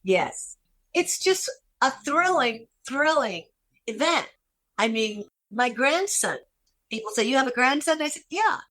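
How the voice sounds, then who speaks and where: A woman's voice: on the high side, big pitch swings, slow pace, fairly bright tone. An older woman, a guest actress, telling a personal story in a podcast interview, emotional and repeating phrases for emphasis.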